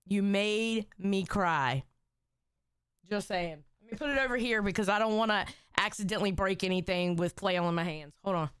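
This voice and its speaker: A woman's voice: mid-range voice, quick pace, few pauses, a bit bright, clear, resonant tone, dry recording, studio quality. A woman hosting a casual livestream, emotional and teary, joking and swearing as she chats with viewers. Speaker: livestream host.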